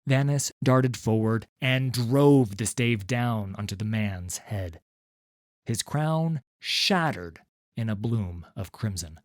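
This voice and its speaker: A man narrating a fantasy story in a slow, measured storytelling manner. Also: fairly low pitch, animated, no room sound, clean studio sound. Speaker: audiobook narrator. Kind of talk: scripted narration.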